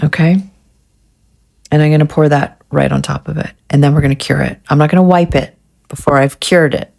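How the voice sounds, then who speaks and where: A woman's voice: low voice, steady tone, a little fast, vocal fry, a little mellow. A woman vlogger chatting casually through a nail art tutorial, getting frustrated and swearing at herself.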